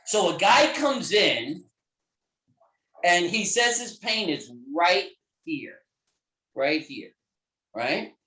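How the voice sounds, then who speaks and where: A middle-aged man telling a story in an interview, animated and emphatic, swearing freely. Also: sits high, very slow, long pauses, recorded from a distance. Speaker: guest therapist. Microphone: video call. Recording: echoey room on a video call.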